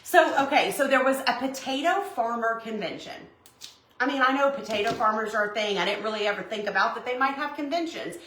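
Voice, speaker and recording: A woman's voice: fairly high pitch, a little fast. A woman, hosting a casual crafting chat and telling stories with lots of laughter. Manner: animated storytelling, laughs often. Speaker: host. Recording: echoey room with faint noise.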